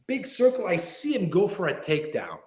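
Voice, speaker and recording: Male guest, self-defense instructor, slightly high voice, lively storyteller, roomy echo. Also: a little fast, a little hiss or hum. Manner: animated, acts out club stories with quoted dialogue. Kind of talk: interview storytelling.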